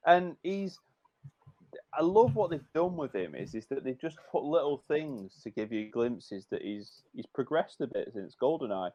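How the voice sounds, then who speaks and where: A man co-hosting a casual film podcast, teasing the others in a lively, joking way. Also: medium pitch, moderate pace, lo-fi sound. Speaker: podcast co-host.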